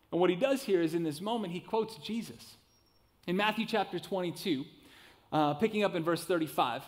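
Pastor, man, 30s, slightly higher voice, relaxed conversational sermon with jokey asides. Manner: casual, animated preaching with asides and self-deprecating jokes. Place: church sanctuary.

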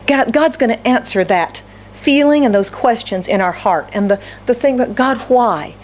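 A woman's voice: on the high side, expressive, normal speed, darkish tone. A middle-aged woman pastor preaching a sermon, asking the congregation questions and acting out prayers and complaints. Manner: acts out prayers and complaints in quoted voices.

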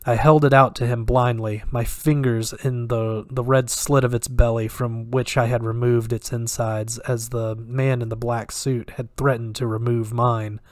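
A man narrating a horror story in a steady, measured read. His pitch sits in the middle and barely moves, giving a flat, even line. The voice is recorded dry and close, with no room sound. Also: no echo. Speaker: reader.

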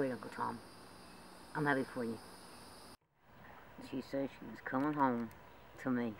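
A man talking in a rambling, emotional way in a homemade drama, with frequent laughs. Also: mid-range voice. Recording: distant mic with loud background noise.

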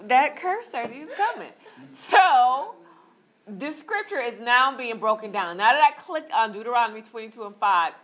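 Woman teaching a Bible study class. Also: on the high side. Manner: walks through steps on screen, relaxed with filler words.

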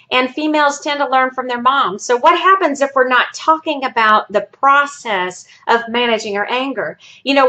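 A woman therapist gives an educational talk straight to her viewers. Her voice sits a little high and sounds bright and forceful. She explains by telling a story. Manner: storytelling, friendly sign-offs. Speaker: family therapist.

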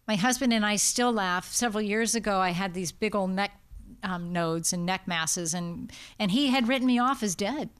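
A woman's voice: medium pitch, normal speed, clear, resonant tone. A woman palliative care doctor with an American accent, giving an informal talk and telling stories that act out what families say. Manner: lively, anecdotal, acts out quotes.

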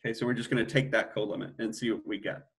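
A man's voice: on the low side, fairly even intonation, racing. A middle-aged man giving an academic mathematics lecture, thinking aloud with frequent restarts and self-corrections.

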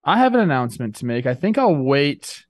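A man's voice: a little high, very animated, brisk, no room sound. An upbeat, playful man co-hosting a casual sports podcast. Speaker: podcast co-host.

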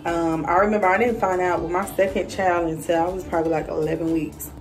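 Chatty vlogging mom, slightly off-mic. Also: female voice, lowish voice, fast talker, far from the mic, rough recording. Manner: chatty, animated quoted voices, many fillers. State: out of breath. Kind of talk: casual chat to camera. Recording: voice a little off-mic, faint music.

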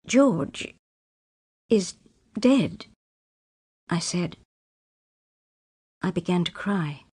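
A woman's voice: on the low side, darkish tone, husky. A woman reading a short story aloud in plain, simple sentences for English learners. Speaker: story reader.

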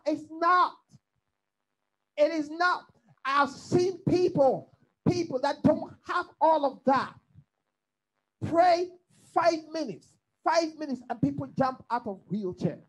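A man's voice: extremely high pitch, a bit bright, poor audio. A man from Africa, a pastor leading a bible study, preaching emphatically with repeated phrases and questions to his listeners.

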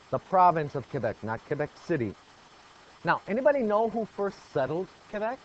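In this dull, lo-fi classroom recording with slight hiss or hum, a high-voiced male teacher runs a geography lesson. He speaks fairly quickly and stays lively, quizzing the class, praising their answers and going back over the key points.

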